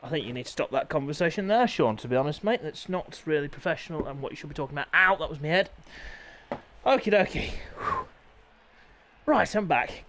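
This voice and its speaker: Excitable high-voiced male race commentator. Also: a little fast, slight background noise. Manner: excitable, self-mocking, talks to himself. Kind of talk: sim racing commentary.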